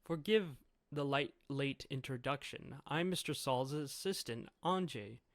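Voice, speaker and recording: A man voicing a polite young woman assistant who introduces herself softly. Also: medium pitch, a little slow, no room sound, lightly acted.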